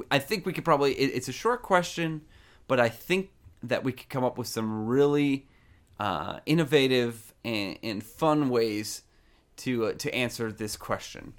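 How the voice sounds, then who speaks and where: A man's voice: medium pitch, clear, resonant tone. A man co-hosting a comedy advice podcast, talking casually with many ums and laughs. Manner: halting, lots of ums and laughs. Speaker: podcast co-host.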